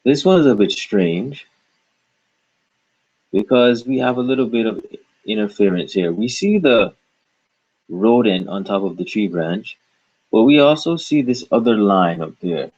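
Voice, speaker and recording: A man teaching a patient pronunciation lesson, repeating each word slowly and asking questions to guide the learner. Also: fairly low pitch, lively intonation, a little mellow, muffled recording. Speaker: language teacher.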